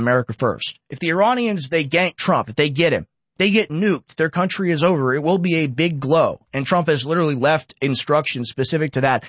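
Sarcastic guy from texas ranting on his politics show, kinda high voice, reads articles with snarky asides, dead dry sound. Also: no room sound. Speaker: political commentary host. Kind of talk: opinionated political monologue.

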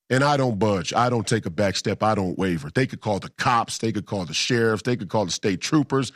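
A man's voice: fairly low pitch, animated, a little fast, few pauses, no room sound. Emphatic man telling a story, dry sound. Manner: emphatic, repetitive, combative. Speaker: political commentator. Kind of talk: casual storytelling monologue.

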